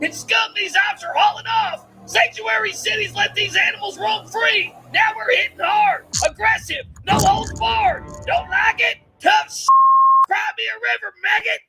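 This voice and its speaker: A man doing a screaming drill sergeant. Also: extremely high pitch. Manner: barking insults. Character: furious male drill sergeant berating recruits. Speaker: drill instructor.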